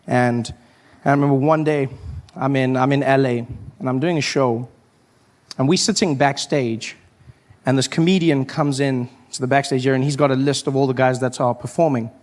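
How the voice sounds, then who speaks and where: A young adult man with a South African accent performing stand-up comedy, animated and slipping into voices. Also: mid-range voice. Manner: animated, switches into character voices.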